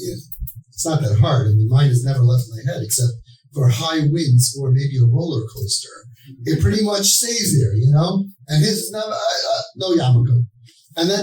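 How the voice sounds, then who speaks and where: A man's voice: fairly high pitch, normal speed, darkish tone. A man speaking to an audience, telling a story with acted-out quotes and joking asides. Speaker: parenting speaker. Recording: roomy hall, mic at a distance.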